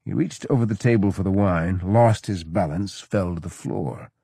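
A man narrating a novel in a measured, steady manner. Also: low-pitched, creaky, slightly rough, no echo. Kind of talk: audiobook narration.

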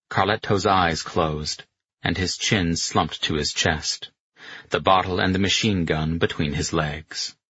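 A man with a very deep, husky voice reads a novel aloud in a steady storytelling manner. His tone is bright and forceful, and the recording is dry and a little muffled. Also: dry recording. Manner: steady storytelling, voicing characters in dialogue. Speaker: audiobook narrator. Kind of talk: scripted narration.

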